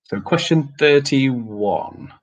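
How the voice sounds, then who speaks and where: A man's voice: medium pitch, very animated, extremely slow. Man hosting a casual quiz. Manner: casual, chatty, laughs often, mild swearing. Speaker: quiz host. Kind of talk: reading out quiz answers on a livestream.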